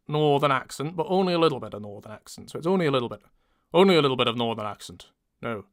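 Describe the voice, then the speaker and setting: A man's voice: medium pitch, lively intonation, very fast, dry recording, studio quality. A man from Surrey with a Southern English accent, chatting casually during a livestreamed audiobook session and teasing himself about his accent attempts. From Surrey, England. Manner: chatty, self-deprecating, tries out voices. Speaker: audiobook narrator and author. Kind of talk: casual livestream chat while recording.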